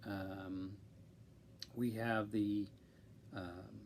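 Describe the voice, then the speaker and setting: Slow-talking man. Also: lowish voice, little pitch movement, vocal fry, darkish tone, slight background noise. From central Illinois, USA. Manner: slow, deliberate, with many ums. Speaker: live stream host. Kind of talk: casual live stream chat.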